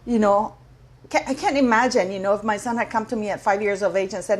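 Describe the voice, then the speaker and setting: A woman's voice: medium pitch, fairly even intonation, normal speed. Indignant middle-aged woman ranting to camera. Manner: indignant, rambling, repeats words for emphasis. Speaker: commentary channel host. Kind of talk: casual opinion rant to camera.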